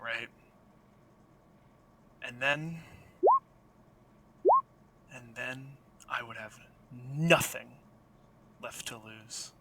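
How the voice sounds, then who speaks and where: A man's voice: background noise, close to an everyday voice. A man playing a bitter, stubborn outlaw. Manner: stubborn, bitter, low-key. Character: defiant weary man protecting a friend.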